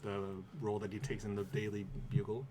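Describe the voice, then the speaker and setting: A man co-hosting a casual podcast chat, excitable and quick to laugh. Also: lowish voice, slightly rough. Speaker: podcast co-host.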